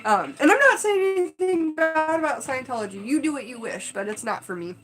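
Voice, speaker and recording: A woman's voice: sits high, expressive, brisk, over loud music, low-quality recording. A woman chatting casually on a live stream, rambling with lots of fillers. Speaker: livestream host.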